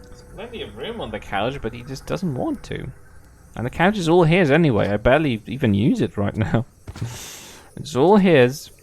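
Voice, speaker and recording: A man's voice: medium pitch, big pitch swings, normal speed, slight background noise. A young man streaming a game, chatting casually, playful and swearing freely. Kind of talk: casual gameplay commentary.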